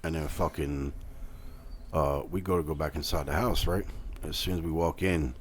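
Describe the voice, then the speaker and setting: A man in his thirties co-hosting a podcast, telling stories in a casual, animated way and swearing a lot. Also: very deep voice, normal speed, a little hiss or hum. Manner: animated, swears a lot, loud when retelling. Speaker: podcast co-host. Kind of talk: casual storytelling chat.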